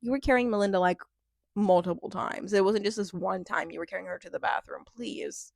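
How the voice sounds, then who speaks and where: A woman recaps a reality show in a casual, chatty way, rambling with plenty of fillers and acting out quotes with a laugh. Her gravelly, medium-pitched voice is brisk, recorded at studio quality with no echo.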